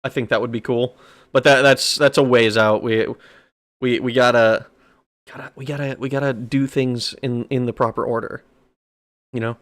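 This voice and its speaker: A man's voice: mid-range voice, steady tone, moderate pace, a bit bright. Man rambling through a game stream. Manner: rambling, stammering restarts, laughs often, swears. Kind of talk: live game stream commentary.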